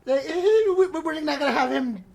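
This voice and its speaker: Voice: high-pitched, animated, normal speed, gravelly, darkish tone, pitched above the performer's own voice, heavily acted. Podcaster doing a fussy, sneering uncle for a comic book retelling. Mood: scornful. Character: snobbish uncle, dismissive and huffy.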